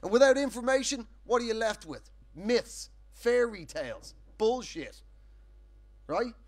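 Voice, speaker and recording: A man's voice: very high-pitched, animated, measured pace. An Irish man doing a live stand-up set on a festival stage, telling sweary, punchy stories full of tag questions. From Ireland. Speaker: stand-up comedian.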